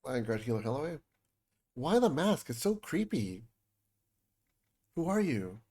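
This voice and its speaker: A man's voice: medium pitch, sing-song, unhurried, darkish tone, breathy edge. A man streaming a game, chatting casually with his viewers and reading game dialogue aloud. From United States. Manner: chatty, joking with chat, reads game lines aloud.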